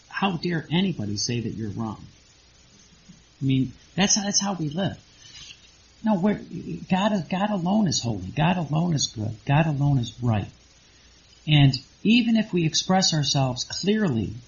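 Gravelly-voiced man preaching a rambling sermon. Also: fairly high pitch. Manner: rambling, repeats words, rhetorical questions. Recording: dull lo-fi recording.

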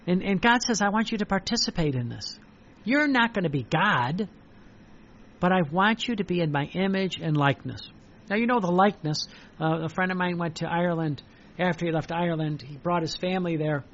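A man's voice: high voice, brisk, fairly bright tone, muffled recording. A man preaching a devotional sermon with fervor and repetition, reading passages aloud. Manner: fervent, repetitive, reads quoted passages aloud.

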